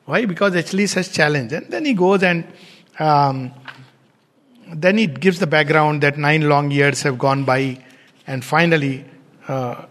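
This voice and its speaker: A man gives an unhurried lecture on poetry, pausing to read lines of verse slowly. His voice sits a little high, and a long reverb trails behind every phrase. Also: a bit bright. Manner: thoughtful, unhurried, reads verse aloud slowly. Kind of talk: reflective literary talk.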